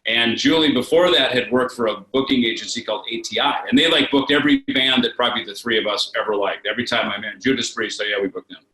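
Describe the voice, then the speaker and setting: A man's voice: medium pitch, quick pace, hardly any pauses, pushed and bright. A man chatting as a guest in a casual interview, rambling through stories with many fillers and restarts over a video call. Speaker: guest musician. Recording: roomy echo.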